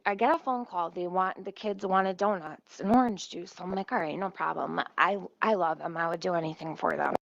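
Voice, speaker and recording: A woman's voice: mid-range voice, gravelly, a bit bright, no room sound. A woman telling a story in a casual, profane rant, swearing often, recorded at home in her kitchen. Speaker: vlogger. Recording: muffled dry home recording.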